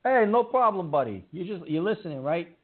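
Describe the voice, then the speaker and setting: A man's voice: high-pitched, very animated, a little fast. A man hosting a call-in radio show, talking emphatically and repeating himself, scolding callers. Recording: tinny phone-like audio.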